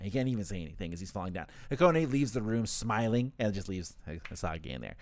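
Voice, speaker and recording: A man co-hosting a casual podcast, recapping a story with animated, swearing asides and quick character voices. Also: fairly low pitch, dry recording. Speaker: podcast co-host.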